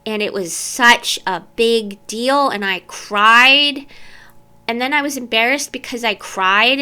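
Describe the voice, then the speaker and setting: A woman's voice: mid-range voice, pushed and bright. A woman vlogger telling personal childhood stories to camera in a candid, meandering way. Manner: candid, meandering, self-interrupting.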